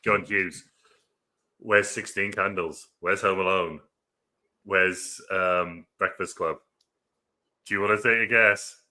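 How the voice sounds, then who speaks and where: A man with a low voice that has a very bright, forceful edge. He riffs in a casual review chat with a string of quick rhetorical questions. His talk comes in loose, joking bursts. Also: fairly even intonation. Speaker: podcast co-host.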